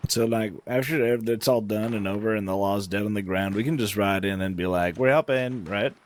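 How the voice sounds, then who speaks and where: A man's voice: on the low side, fairly even intonation, brisk. A man streaming a western roleplay, telling stories in rambling, filler-heavy casual chat.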